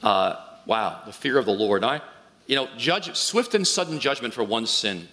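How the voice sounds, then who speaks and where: Pastor preaching in a reverberant church hall. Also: male voice, mid-range voice, moderate pace. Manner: storytelling, animated, frequent restarts. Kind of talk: sermon.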